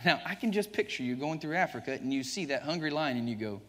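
A man's voice: fairly high pitch, lively intonation, fast, fairly bright tone. A man with a Southern US accent preaching a sermon to his congregation, emphatic and joking with them, chuckling often. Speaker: pastor. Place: church sanctuary. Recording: church livestream, long reverb.

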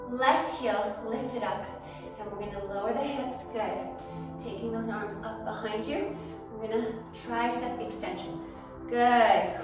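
Woman fitness instructor, high voice, slow and steady cues, slightly winded; echoey room, distant mic, faint music. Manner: counting reps aloud, encouraging. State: a little out of breath. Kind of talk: guiding an exercise class.

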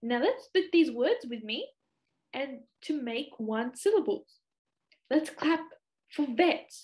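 A young Australian woman leading a children's lesson, speaking in a slow, exaggerated sing-song way for little ones. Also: high-pitched, big pitch swings, darkish tone. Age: young adult. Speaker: speech clinic presenter.

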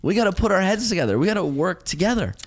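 A man's voice: high voice, fast talker. A man hosting a podcast, telling personal stories and giving relationship advice in a casual conversation. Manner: storytelling, advice-giving, animated. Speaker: podcast host.

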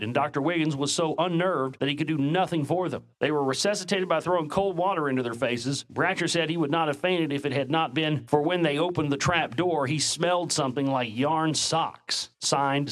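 A man giving scripted documentary narration, reading old newspaper accounts in a measured, dramatic way. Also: a little high, fairly bright tone.

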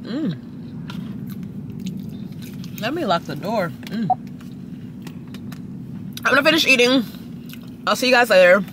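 At a restaurant, a young lifestyle vlogger from Dallas, Texas people-watches and gossips chattily into her phone camera. She talks slowly with frequent pauses and lively, swooping intonation, in a very noisy recording.

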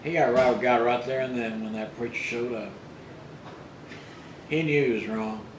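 A man preaching a sermon as pastor, retelling scripture in plain everyday speech and rising loud for the quoted rebukes. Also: mid-range voice, steady tone, normal speed, reverberant, slight background noise, rough recording.

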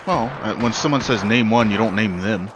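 A man's voice: on the low side, moderate pace, noisy background. A man chatting while gaming with friends, making dry, sarcastic jokes. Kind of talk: casual gaming chat with friends.

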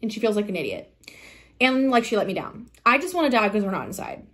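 A young woman vlogger retelling a stressful story in a fast, dramatic, casual way, acting out what everyone said. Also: mid-range voice, very animated, a bit bright. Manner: dramatic, fast retelling full of quoted exclamations.

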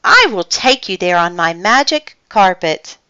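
A woman's voice: fairly low pitch, lively intonation, measured pace, pushed and bright, clear, resonant tone, dry recording, muffled recording. A woman voicing a boastful, streetwise male alley cat in a storybook read-aloud. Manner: boastful, showy.

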